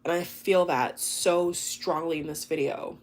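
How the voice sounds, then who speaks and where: A woman's voice: on the low side, fairly even intonation, unhurried, darkish tone. A woman giving a collective tarot reading to her viewers, talking in an emotive, chatty way, full of exclamations and fillers. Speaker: tarot reader.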